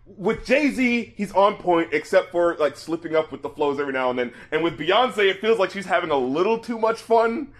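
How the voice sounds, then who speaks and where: Excitable male podcast host with a high voice, laughing often in casual chat. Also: moderate pace.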